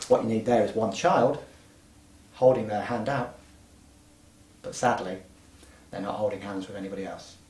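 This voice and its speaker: A middle-aged man giving a patient, clear, step-by-step explanation as a music teacher trainer. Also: on the low side, normal speed, long pauses, a little mellow. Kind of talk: instructional explanation. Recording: roomy sound from a distant mic.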